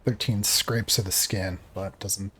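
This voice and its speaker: A man's voice: fairly low pitch, steady tone, measured pace, bright, forceful tone, slight background noise. A man running a tabletop game as game master, narrating the fight in vivid, descriptive detail.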